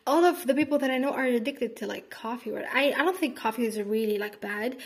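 Chatty eighteen-year-old woman, higher voice. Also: a little fast. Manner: chatty and rambling, heavy on "like" and "whatever"; affectionate toward listeners, calls them sweetie. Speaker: podcast host. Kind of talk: casual solo podcast monologue.

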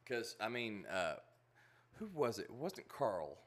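A man hosting a podcast, chatting casually and telling animated stories with lots of laughter. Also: lowish voice, slow. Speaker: podcast host. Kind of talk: casual chat.

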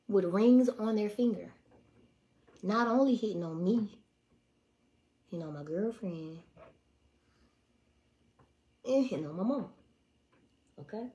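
A woman in her twenties telling stories on a casual livestream, blunt and profane. She swings between hushed asides and loud, animated outbursts. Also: medium pitch. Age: 20s. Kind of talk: casual storytelling to a live audience.

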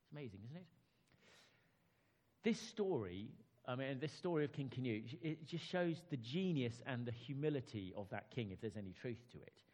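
A man preaching in a chatty, personal way. His pitch swings widely as he talks, and he keeps turning to his listeners with questions. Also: very animated, normal speed, darkish tone. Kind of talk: sermon with read-aloud story.

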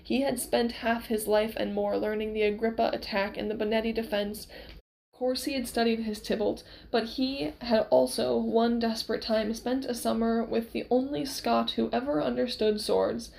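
Expressive woman reader for a novel, a touch high, gravelly texture. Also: normal speed, slight background noise, poor audio. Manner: expressive storytelling. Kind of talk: reading a novel aloud.

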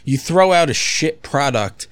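A man's voice: a little high, animated, a little slow, no echo. A man co-hosting a casual podcast chat, blunt and profane with strong opinions. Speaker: podcast co-host.

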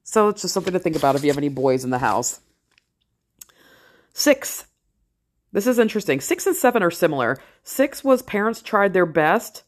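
A middle-aged woman talking straight to camera in a casual vlog, blunt and candid, swearing freely and slowing down to stress key phrases. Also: deep voice. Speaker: vlogger, parent and ER worker. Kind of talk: casual talking-head commentary.

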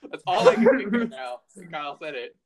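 A young adult in a casual chat with friends, laid-back and laughing, pausing on fillers. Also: medium pitch, expressive, crowd noise.

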